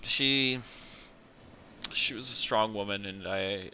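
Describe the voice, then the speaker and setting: A man's voice: on the high side, very animated, moderate pace, dull audio, slight background noise, pitched above the performer's own voice, heavily acted. A man playing a tender young nobleman. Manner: soft, earnest, emotional. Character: sentimental young nobleman, affectionate and grieving.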